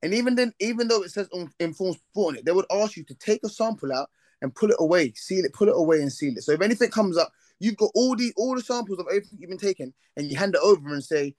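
Male panel guest, fast and passionate, slightly higher pitch, dry sound. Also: expressive, no room sound. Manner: passionate, forceful opinions. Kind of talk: casual panel discussion.

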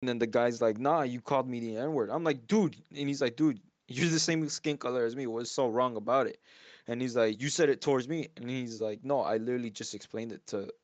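A young man, a podcast co-host, telling a casual story in loose slang with halting restarts. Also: mid-range voice, no echo. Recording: dry, dull lo-fi sound.

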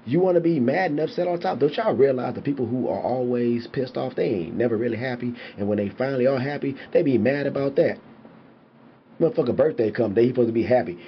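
A man's voice: mid-range voice, slight background noise. A young man, a father, talking casually and animatedly to camera, swearing freely and preaching about respect. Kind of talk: casual monologue. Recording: dull lo-fi sound with faint ambience.

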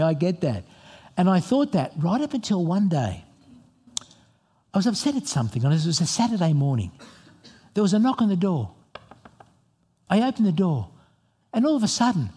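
A middle-aged male pastor preaches to his congregation in a fairly high voice. He tells stories with animated swings in tone and keeps putting questions to his listeners. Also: husky. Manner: animated, storytelling, asks the audience questions. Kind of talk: sermon. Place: church hall before a congregation.

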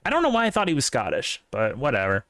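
A man's voice: medium pitch, wildly swooping pitch, fast talker, fairly bright tone, dry recording, studio quality. A man co-hosting a casual podcast chat, opinionated and rambling, with plenty of fillers. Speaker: podcast co-host.

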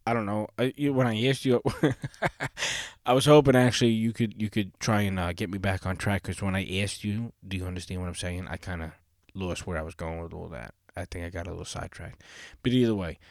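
A man's voice: on the low side, steady tone, brisk, no room sound, studio quality. A man hosting his own solo podcast, talking casually in a rambling, profane way with many fillers. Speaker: podcast host.

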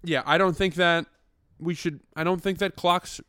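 A man co-hosting a podcast in casual chat, rambling playfully and trailing off quietly when unsure. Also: high-pitched, steady tone, normal speed, clear, resonant tone, no room sound, clean studio sound. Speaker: podcast co-host.

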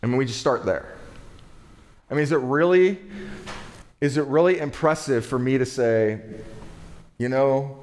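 A man's voice: mid-range voice, normal speed, darkish tone. A man from the United States preaching a sermon in a conversational, relatable way, with rhetorical asides to his listeners. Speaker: pastor.

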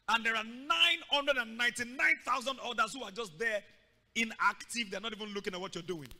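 A man preaches in a high, piercingly bright voice. He acts out the story and breaks into loud shouts. The sound rings with the long reverb of a big hall. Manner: dramatic, acting out scenes with shouts and sudden loud bursts. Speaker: pastor. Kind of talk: sermon. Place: church hall.

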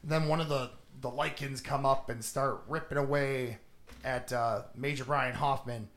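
A man's voice: mid-range voice, a little slow. A man on a podcast, casually recapping a movie plot, swearing a lot and laughing as he goes. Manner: animated, swears a lot, laughs while retelling. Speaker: podcast host.

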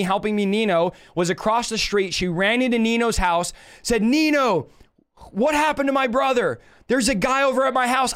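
A man sharing his personal conversion testimony on a live stream, telling it in an animated, earnest way and acting out the dialogue he quotes. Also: sits high, smooth. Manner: emotional, earnest.

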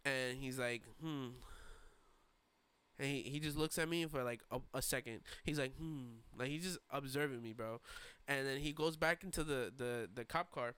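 Young new guy, bright crisp voice, dry room, storytelling host. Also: medium pitch, a little fast, hardly any pauses, no room sound. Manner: rambling, filler-heavy storytelling with quoted voices. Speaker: podcast host. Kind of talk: casual chat storytelling.

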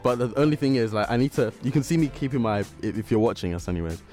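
A man's voice: mid-range voice, expressive, fast, dark tone, soft background music. A young man co-hosting a casual podcast in a small studio, talking in a rambling way with many restarts and fillers. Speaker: podcast co-host. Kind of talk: casual chat. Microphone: studio microphone.

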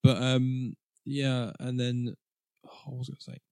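A man chats casually about an animated film as a podcast co-host, rambling and laughing as he goes. His voice sits at a middle pitch. The recording is dry and close. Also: unhurried, vocal fry, smooth, no echo. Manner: chatty, rambling, laughs often. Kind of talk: casual film review chat.

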